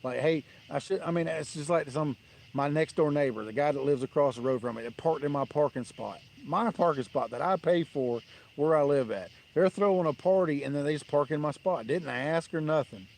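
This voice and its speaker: A fairly high-pitched, gravelly, slightly mellow male voice talks a little fast over a bit of hiss or hum. At night on a riverbank, he hosts a fishing livestream, ranting casually with rambling, blunt stories in a dismissive tone.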